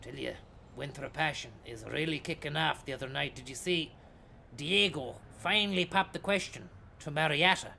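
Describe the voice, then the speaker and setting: An Irish streamer plays a bus driver in a driving game, teasing his passengers and repeating catchphrases in comedic live-stream banter. His voice is on the high side, creaky, bright and forceful, at normal speed, with slight background noise.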